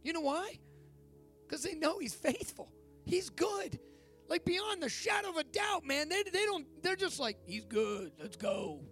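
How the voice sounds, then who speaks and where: A man in his forties giving a youth sermon, preaching with rising excitement and leading a fervent prayer. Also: very high voice, unhurried, faint music behind. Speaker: youth pastor. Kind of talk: sermon with altar call.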